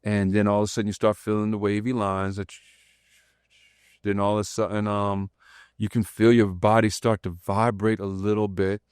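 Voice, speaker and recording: Low-voiced man telling a story. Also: normal speed, smooth, no room sound, studio quality. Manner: animated storytelling, acting out quoted voices, loose slangy speech. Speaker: podcast host. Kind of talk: casual conversation.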